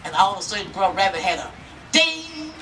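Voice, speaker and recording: A woman telling a folk tale to a live audience at an outdoor festival, lively and talking straight to her listeners. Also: mid-range voice, fairly quick. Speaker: storyteller. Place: outdoor town square festival. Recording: outdoor, mic far off, faint noise.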